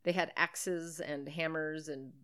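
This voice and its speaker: A woman's voice: deep voice, steady tone, slow, pushed and bright, smooth. A woman co-hosting a movie podcast, chatting casually and sarcastically as she recaps a film. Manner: sarcastic, joking, swears casually. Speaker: podcast co-host. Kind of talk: casual movie-watching chat.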